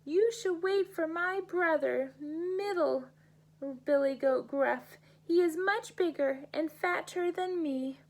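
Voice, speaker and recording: A woman's voice: extremely high pitch, takes it slowly, voice pushed up, full character voice. A woman voicing a small, frightened young billy goat who pleads eagerly to be spared. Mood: pleading.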